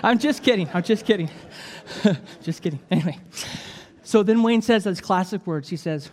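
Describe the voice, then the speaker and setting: A man preaching as an evangelist, telling stories with jokes and an animated, lively delivery. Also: high-pitched, moderate pace. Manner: animated storytelling with jokes and laughs. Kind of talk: sermon.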